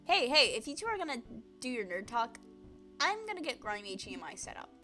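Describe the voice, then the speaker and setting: A woman voicing a cocky, boastful older man who talks in a loud, folksy way. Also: high voice, sing-song, a little fast, faint music behind, voice pushed up, heavily acted. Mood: brash.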